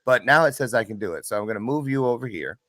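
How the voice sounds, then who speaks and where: A man's voice: mid-range voice, lively intonation, quick pace, a bit bright, no room sound. A man hosting an online talk show, playful and rambling, thinking aloud as he sets things up. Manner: playful, rambling, talks to himself. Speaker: show host. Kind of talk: casual interview chat.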